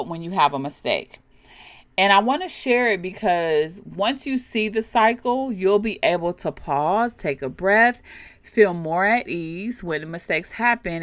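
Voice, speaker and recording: A woman hosts a coaching podcast in a warm, conversational manner, speaking straight to her audience. Her pitch rises and falls a lot as she explains things. The recording is dry, with no room sound. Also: no echo. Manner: animated, conversational, addresses listeners directly. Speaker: leadership coach and podcast host.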